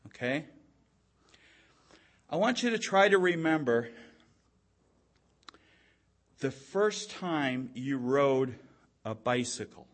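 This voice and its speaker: Slow, deliberate preaching man. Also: mid-range voice. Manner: storytelling, repeats "okay?" to the audience; slow and deliberate, swelling louder at dramatic moments. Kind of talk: sermon.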